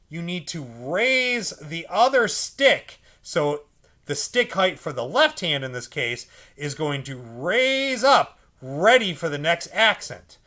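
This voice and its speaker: A man's voice: a little high, sharp tone, slight background noise. A man teaching a percussion lesson, patiently explaining a drum pattern and often checking in with "okay?". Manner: patient, repeats "okay?" often, speaks drum syllables aloud. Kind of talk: instructional lesson.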